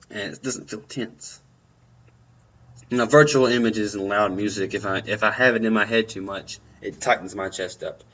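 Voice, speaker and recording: A man's voice: medium pitch, fairly bright tone. A young man giving earnest, encouraging advice in a personal talk, often repeating his phrases. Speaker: vlogger. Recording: dull lo-fi sound.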